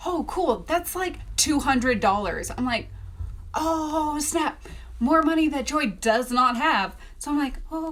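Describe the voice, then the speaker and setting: Animated young woman telling a story. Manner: animated, acts out quotes with sudden pitch jumps. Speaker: self-published author. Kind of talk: casual storytelling vlog.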